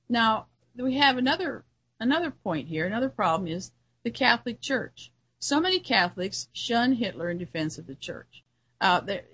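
A woman's voice: mid-range voice, a bit bright, slightly rough, poor audio. A woman who hosts a radio show, giving an earnest solo commentary in a musing way, often restarting her sentences.

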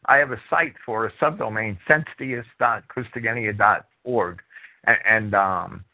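A man's voice: fairly low pitch, moderate pace. A man hosting a radio call-in show who talks in casual chat and keeps repeating and restarting his words. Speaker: radio talk show host. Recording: tinny phone-line sound.

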